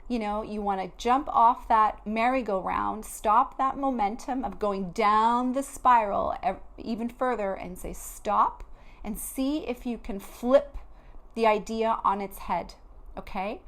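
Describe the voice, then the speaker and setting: A woman's voice: on the high side, a little slow. A woman giving an earnest, heartfelt motivational talk to camera, with loose phrasing and frequent restarts. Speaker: spiritual vlogger.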